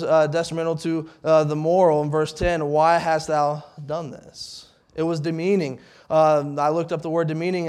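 A middle-aged man preaching a sermon in a church, speaking conversationally and haltingly, with many fillers and restarts. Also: a little high, darkish tone, clear, resonant tone. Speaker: pastor.

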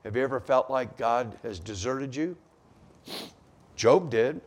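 A man preaching a sermon, swinging from hushed asides to shouted cries as he acts out the psalmist. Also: medium pitch, expressive, a little slow.

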